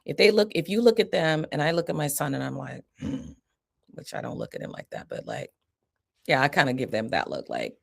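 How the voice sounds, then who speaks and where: A woman's voice: low-pitched, big pitch swings, a little fast, creaky. A middle-aged woman psychiatrist giving an educational talk in a conversational, explanatory way, often checking in with the listener.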